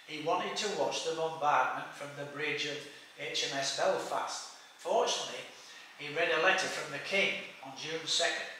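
A man's voice: a little high, moderate pace, pushed and bright, slight background noise. A man giving a read-aloud history lecture, reading steadily from notes with small stumbles. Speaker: speaker giving a history talk. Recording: echoey room from a distance.

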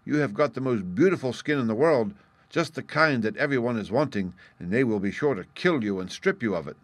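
A man's voice: medium pitch, expressive, fairly quick, dry recording, natural voice. A man voicing a cheeky young boy in a storybook reading, insistent and blunt. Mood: urgent, blunt. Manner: insistent warning, raised voice.

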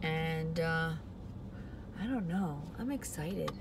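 Heavy background noise surrounds a deep, animated female voice speaking at a slow pace. She's in a parked car in a parking lot making a casual confessional vlog, emotional and close to crying, with hesitant, rambling speech that trails off.

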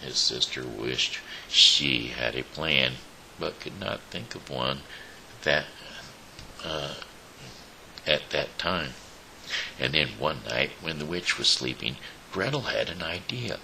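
A man reads a fairy tale aloud in a very deep, gravelly voice. He takes his time, stumbling and restarting now and then, and his tone has a bright, tight edge to it. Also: lively intonation, slight background noise, poor audio. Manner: slow, with small slips and restarts. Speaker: show host reading a story. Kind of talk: storybook reading.

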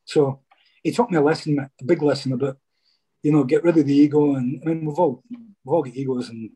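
Scottish man, husky, mellow tone, chatty, rambling storyteller. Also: on the high side, steady tone, fairly quick. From Scotland. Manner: chatty, rambling, says "mate" often. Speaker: former footballer guest. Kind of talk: casual interview storytelling.

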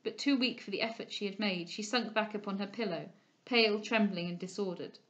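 A woman reading a classic novel aloud as an audiobook reader, with expressive, measured storytelling. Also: medium pitch, highs cut off.

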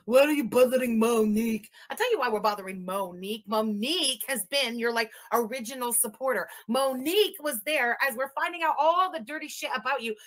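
A woman's voice: fairly high pitch, sharp tone. A woman doing profane, mocking reaction commentary, ranting at the clips she plays. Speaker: commentary streamer.

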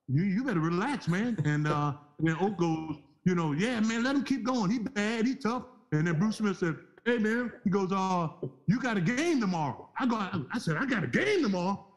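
Man, high voice, lively storyteller, voice jumps up when quoting himself. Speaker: former basketball player telling a story. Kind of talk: animated storytelling on a talk show.

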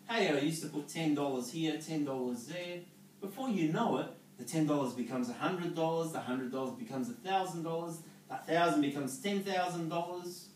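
A network marketing speaker with a fairly high voice and a moderate pace gives an audience a motivational business talk. He coaches as he goes, checking in with "okay?" and "yeah?", and sounds far off in an echoey room with a little hiss or hum.

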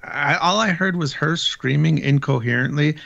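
A man co-hosting a podcast, asking quick, wry questions in casual chat. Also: a little high, vocal fry, fairly bright tone. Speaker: podcast co-host. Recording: lo-fi remote audio.

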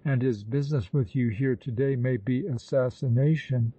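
Male reader as a nervous servant, hesitant and hushed, warm dark tone. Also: mid-range voice, moderate pace, slightly rough, no echo, muffled recording, natural voice. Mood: worried. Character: fearful, anxious male servant, Peppino.

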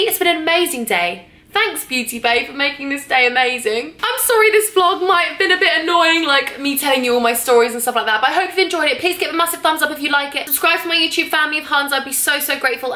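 A young woman vlogger gushes excitedly over her finds in a hotel room. Her voice is bright and fairly high, and the room gives it a noticeable echo. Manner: gushing, excitable, chatty. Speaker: beauty vlogger. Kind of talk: casual vlog chat.

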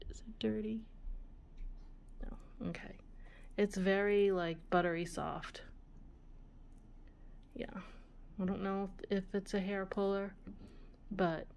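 Slow, soft-spoken woman musing over jewelry. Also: medium pitch, creaky. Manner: slow, soft-spoken, musing aloud, often drops to a whisper. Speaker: vintage jewelry channel host. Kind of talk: casual show-and-tell of jewelry.

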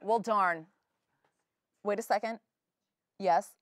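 A woman's voice: medium pitch, slow pace, no room sound, studio quality. A young woman anchoring a comedic student newscast with a playful, sarcastic delivery. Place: studio.

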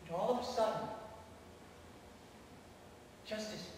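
A man with a high voice preaches a dramatic storytelling sermon at a slow, deliberate pace. He swings from loud to hushed as he tells the story. His voice carries through a long, echoing church from well away from the microphone. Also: slight background noise. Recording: echoey church hall, mic far off.

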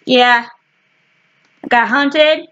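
A woman casually showing her book collection to the camera, talking in short halting fragments with frequent restarts. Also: sits high, steady tone, a bit bright, highs cut off. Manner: slow and rambling. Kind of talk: casual chat.

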